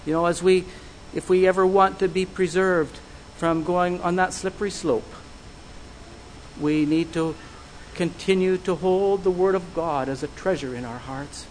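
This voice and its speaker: A man preaching a sermon, earnest and measured, putting searching questions to his listeners. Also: high voice, steady tone, a little hiss or hum, low-quality recording.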